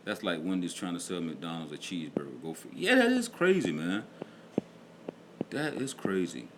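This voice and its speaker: A man's voice: deep voice, very animated, normal speed, noisy background. A middle-aged man hosting a casual livestream, chatting in a laid-back way and reading out viewers' comments. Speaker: livestream host and music producer.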